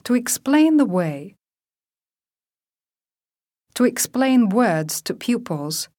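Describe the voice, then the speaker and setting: Woman, vocabulary drill reading, very slow, deliberate enunciation, dry close recording. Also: a little high, big pitch swings, dark tone, no room sound. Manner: clear, deliberate word-by-word enunciation. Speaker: language teacher reading vocabulary.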